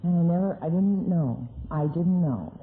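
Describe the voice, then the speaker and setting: A middle-aged woman shares her recovery story at a meeting, candid and quick to poke fun at herself. Her voice comes through a thin, tinny old tape recording with a faint hiss underneath. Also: lowish voice, animated. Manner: candid, self-mocking storytelling with laughs. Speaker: AA speaker sharing her story. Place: meeting hall.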